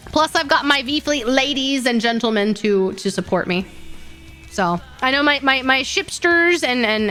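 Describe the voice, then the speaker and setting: A young woman, a VTuber streamer, chats casually on a livestream with bubbly energy, rambling, laughing often, and repeating her words. Her voice is a little high and a bit bright.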